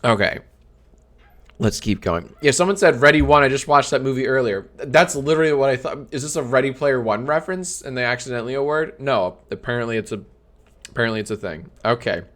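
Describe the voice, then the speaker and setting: This man in his thirties talks fairly quickly in a slightly bright voice during a casual live stream. He cracks jokes, swears freely, leans on sarcasm and often laughs in a high register.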